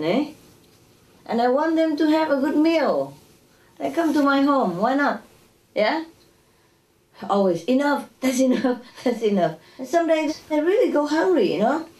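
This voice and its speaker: In an echoey hall captured by a distant mic with faint noise, a woman with a medium-pitched, darkish voice delivers a casual spiritual lecture. Her style is conversational, sprinkled with chuckles and tag questions such as "you know."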